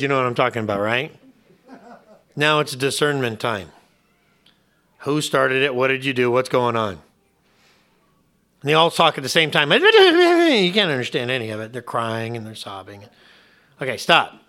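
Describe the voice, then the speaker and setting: Bright-voiced male pastor preaching. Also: medium pitch, very animated, normal speed, long pauses. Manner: conversational preaching with rhetorical questions and acted-out voices. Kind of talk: sermon.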